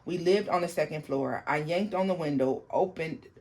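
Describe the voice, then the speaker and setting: A tarot channel host reading a viewer's paranormal story aloud, haltingly, with restarts and asides to the viewers. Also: medium pitch, darkish tone.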